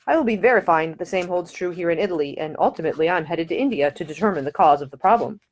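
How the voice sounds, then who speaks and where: A woman's voice: fairly low pitch, expressive, rapid-fire. A woman voicing a wry young nobleman who talks with dry humor and fussy opinions. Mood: probing. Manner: wry, fussy about decor.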